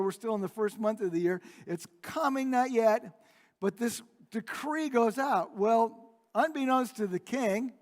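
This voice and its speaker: High-voiced male pastor in a reverberant church. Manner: conversational storyteller, frequent restarts and repeated words. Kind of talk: sermon retelling a Bible story. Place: church sanctuary. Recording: long reverb of a church hall.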